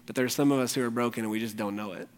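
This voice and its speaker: In a church sanctuary during a morning service, a male pastor with a mid-range voice preaches at a racing pace in a steady tone. He earnestly pleads directly with his congregation, and the recording carries the long reverb of a large hall.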